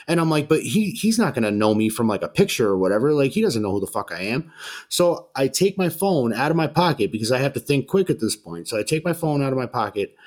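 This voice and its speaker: A man's voice: fairly low pitch, darkish tone. Laid-back young man telling a story. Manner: laid-back, profane, lots of fillers, acts out quotes. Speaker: podcast host. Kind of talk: casual storytelling chat.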